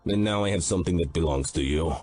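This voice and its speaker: A man's voice: deep voice, fast talker, a little mellow, slightly rough, faint music behind. A man voicing a menacing, taunting male Russian mob underboss with a Russian accent in an audiobook. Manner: sneering, threatening. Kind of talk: audiobook character voice.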